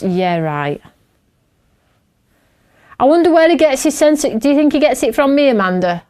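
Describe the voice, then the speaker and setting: A woman's voice: high voice, big pitch swings, normal speed, pauses often, dark tone. A middle-aged woman, chatting and laughing as she hosts a craft show while she works. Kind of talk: casual chat while crafting.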